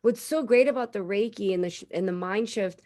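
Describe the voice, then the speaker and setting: Chatting casually on the podcast she co-hosts, a woman in her thirties recounts stories with animation and plays out the quoted dialogue herself. Her voice is mid-range and her delivery fairly brisk.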